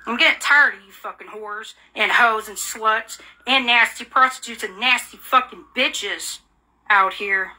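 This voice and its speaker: Angry woman, ranting, cursing, accusing, very bright sharp voice, slightly high. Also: unhurried. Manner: furious, profane, repetitive insults; bitter, accusing. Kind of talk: angry rant.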